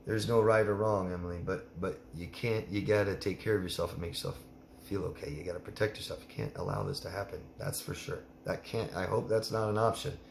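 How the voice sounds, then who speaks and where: A man's voice: low-pitched, fairly even intonation, brisk, creaky, echoey room, a little hiss or hum. A man coaching a listener in a live Q&A, blunt and emphatic, repeating her name as he gives advice. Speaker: life coach.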